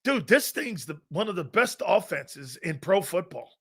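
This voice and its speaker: A man's voice: high-pitched, big pitch swings, measured pace, gravelly, fairly bright tone, breathy edge. A middle-aged man hosting a live sports talk show, brash and profane, rambling through chat comments and laughing often.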